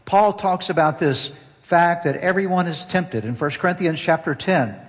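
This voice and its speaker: A pastor preaching a sermon, earnest and emphatic, repeating key phrases for weight. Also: male voice, sits high, moderate pace. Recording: long hall reverb.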